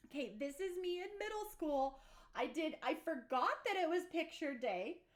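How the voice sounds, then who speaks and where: A woman's voice: high-pitched, lively intonation, moderate pace. A young adult woman hosting a casual livestream chat, bubbly and giggly, exclaiming often. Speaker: livestream host.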